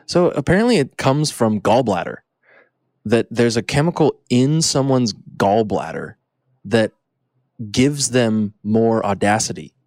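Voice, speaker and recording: A man's voice: mid-range voice, lively intonation, measured pace, a little mellow, no echo, studio quality. A man hosting a casual chat over a video call, teasing and playful, rambling through his thoughts. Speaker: host.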